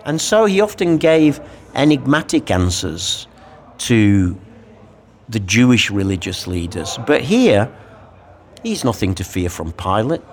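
A man in a conversational discussion of a Bible passage, speaking in a reflective, animated way. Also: on the low side, measured pace. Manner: reflective, animated, acts out quoted lines.

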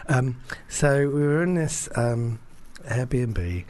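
A man's voice: mid-range voice, lively intonation, very slow, darkish tone, slight background noise. A man from England chatting casually, rambling through a holiday story with fillers and frequent swearing. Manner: rambling, anecdotal, swears freely. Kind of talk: casual chat.

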